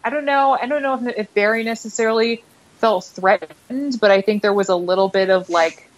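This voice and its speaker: A woman's voice: mid-range voice, a little fast. A woman guest on a casual podcast, thinking aloud in long rambling turns full of "like" and "um". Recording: dull lo-fi audio.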